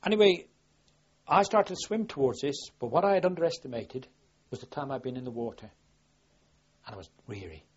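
A man's voice: medium pitch, a little fast, long pauses, breathy edge. An older man from southwest England, a war veteran, recalling his experiences in a rambling, plain-spoken way full of restarts. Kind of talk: oral history recollection. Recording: dull lo-fi archive recording.

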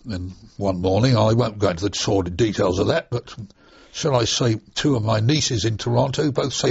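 An older man reminisces at length in an interview, rambling and chuckling between stories. His voice is low, gravelly and very husky. The recording is dull and dry, with no room sound. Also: moderate pace, a little mellow, dry recording. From United Kingdom. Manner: chatty, rambling, chuckling asides. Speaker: interviewee, former RAF trainee pilot. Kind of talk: reminiscing oral history interview.

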